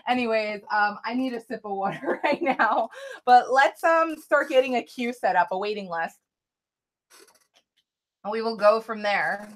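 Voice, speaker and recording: A woman's voice: a little high, a little slow. A woman chatting casually on a live stream, reading out viewer names, thanking viewers and apologizing a lot. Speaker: live-stream tarot reader.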